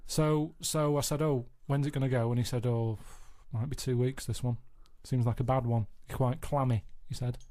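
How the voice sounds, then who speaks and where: A man telling a rambling story in a deadpan way, chatting casually in a radio studio. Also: mid-range voice, moderate pace, hardly any pauses. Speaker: radio show regular.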